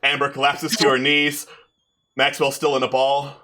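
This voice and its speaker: A man narrating as game master in a tabletop game, lively and playful. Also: medium pitch, normal speed, noisy background.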